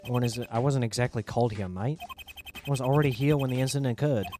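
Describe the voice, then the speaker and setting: A man's voice: medium pitch, fast talker, music in the background, lightly acted. A man with a put-on Australian accent voicing a smug, teasing young male detective.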